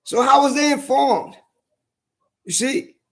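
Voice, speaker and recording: Very high-voiced man ranting angrily. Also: fairly bright tone. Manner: angry, profane, emphatic repetition; slow hammering emphasis on key words. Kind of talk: heated monologue to camera.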